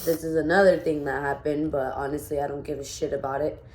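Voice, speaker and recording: A woman's voice: low voice, level tone, fast, darkish tone, a little hiss or hum. Shaken young woman in an echoey room. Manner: rambling, shaken, many fillers and restarts. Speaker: vlogger. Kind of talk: emotional storytime vlog.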